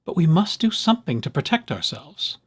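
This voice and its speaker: A man's voice: on the high side, big pitch swings, a little fast, fairly bright tone, husky, full character voice. A man doing a kind mouse wife.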